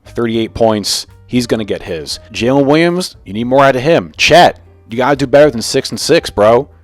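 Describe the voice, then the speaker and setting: A man's voice: medium pitch, expressive, normal speed, dry recording, soft background music. A young man hosting a casual sports commentary vlog, opinionated and ranting about the game. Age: young adult. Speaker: sports video host.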